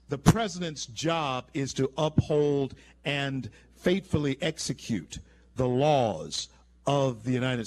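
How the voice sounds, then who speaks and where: A man's voice: mid-range voice, a little mellow, slight background noise. A man hosting political talk radio, speaking in an emphatic, opinionated way with frequent restarts. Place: radio studio.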